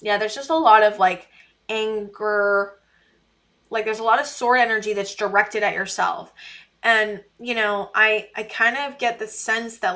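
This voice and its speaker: A woman's voice: medium pitch, fairly even intonation, measured pace, bright, forceful tone. A woman giving a casual tarot reading to camera. She speaks earnestly and pleadingly, repeating her words and using many fillers. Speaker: tarot reader.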